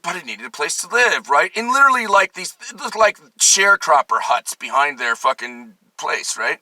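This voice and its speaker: A man with a very bright, fairly high voice tells a comedic story as the host, rambling, swearing freely and mocking himself. The sound is close and dry, with almost no room. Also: no echo, rough recording. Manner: profane, rambling, self-deprecating.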